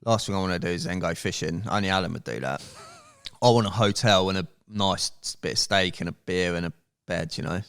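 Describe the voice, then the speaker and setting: A man in a relaxed podcast chat, with a fairly low voice. He tells his story in an animated way and swears freely. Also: a little fast, smooth. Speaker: podcast guest. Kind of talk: casual storytelling.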